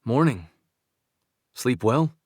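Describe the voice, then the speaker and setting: A man voicing a calm male country doctor in an audiobook, speaking gently and steadily. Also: mid-range voice, drawn-out words, husky, no room sound, clean studio sound, exaggerated voice. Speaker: audiobook narrator. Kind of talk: audiobook dialogue reading.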